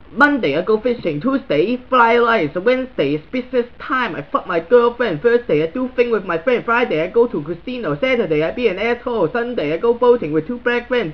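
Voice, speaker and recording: In a muffled recording, a man uses a very high-pitched voice to play a crude, blunt middle-aged Chinese man just starting out on social media. The comedic monologue is a heavy rant in broken English, full of stuttering repeats.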